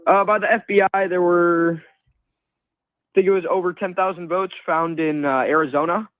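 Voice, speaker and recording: A man's voice: sits high, fairly even intonation, normal speed, no room sound. A young man calling in to a talk show, hesitant and defensive. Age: young adult. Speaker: caller. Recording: tinny phone line.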